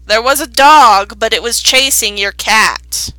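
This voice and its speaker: A young adult woman narrating a tabletop game as game master, unhurried, descriptive and playful. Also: a little high, pushed and bright, dry recording.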